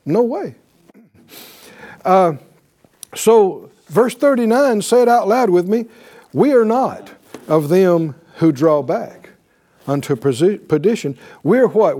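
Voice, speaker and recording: A man preaching a sermon, often asking "right?" and acting out voices of believers speaking faith. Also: a little high. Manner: animated, calls for responses with "right?".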